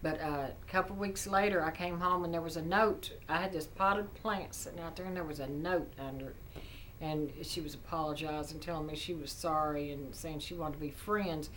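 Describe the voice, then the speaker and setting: Middle-aged woman vlogger, indignant chatty rant, bright edge to her voice. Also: sits low, fairly even intonation, fairly quick, a little hiss or hum, low-quality recording. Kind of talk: casual storytelling rant.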